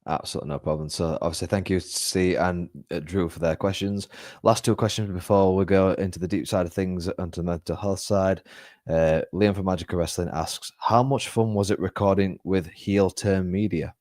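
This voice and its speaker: A male podcast host reading out listener questions in a brisk, upbeat manner. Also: low voice, fairly even intonation, a little mellow, no echo.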